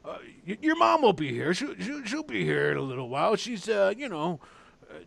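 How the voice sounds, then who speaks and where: A man voicing a boisterous, one-legged male tavern keeper who shouts, rambles and stammers. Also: high voice, fairly quick, vocal fry, no room sound, voice pushed up, heavily acted. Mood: excited shouting. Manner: loud, excited, rambling, stammering.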